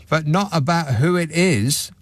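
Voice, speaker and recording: A man's voice: fairly high pitch, no echo. A man hosting a radio phone-in, talking in a sarcastic, mocking, dry-witted way. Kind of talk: opinionated talk radio monologue. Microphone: studio microphone.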